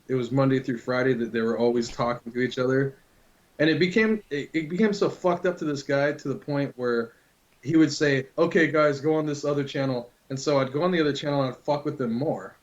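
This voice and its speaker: A man's voice: mid-range voice, brisk. A man casually telling a long prank story to a friend, loose and full of swearing. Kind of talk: casual chat. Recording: dull lo-fi recording.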